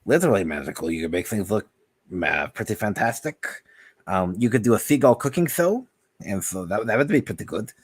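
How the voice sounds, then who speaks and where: A man offers rambling advice in a casual stream chat, stopping often to hunt for words and reading bits of search results aloud. His voice sits a little low. The recording is dry, with no room sound. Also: big pitch swings, a little fast, husky, no echo. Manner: rambling, hesitant, full of fillers, reads search results aloud. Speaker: guest giving advice.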